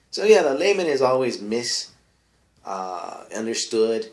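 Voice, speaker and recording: A man's voice: mid-range voice, very animated, measured pace, roomy sound. A man doing a rambling comic monologue as an advice-show persona, bro-ish in manner and trailing off into mumbled asides.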